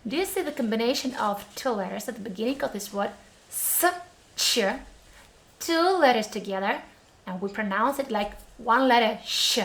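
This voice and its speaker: A woman's voice: on the high side, animated, normal speed, fairly bright tone. A woman with a Russian accent teaching a pronunciation lesson, speaking carefully and encouragingly and repeating words for practice.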